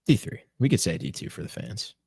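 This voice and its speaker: Low-voiced young man, rambling podcast banter. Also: expressive, fairly quick, creaky, mellow, slightly rough, no echo, studio quality. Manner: rambling, filler-heavy, profane banter. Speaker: podcast co-host. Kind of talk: casual sports podcast chat.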